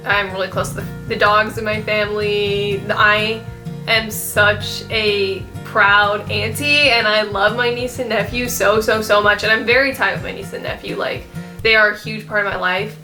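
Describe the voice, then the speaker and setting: A woman's voice: medium pitch, fairly even intonation, unhurried, over music. A young woman in her twenties talking casually to her viewers, rambling with lots of fillers and restarts, and close to tears at times. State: tearful, emotional. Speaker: vlogger. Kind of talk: casual chat to camera.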